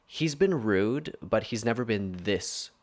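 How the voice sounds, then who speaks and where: A man's voice: on the low side, animated, slow pace. A young man hosting a podcast, ranting casually and rambling with many filler words and self-corrections. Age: young adult. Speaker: podcast host.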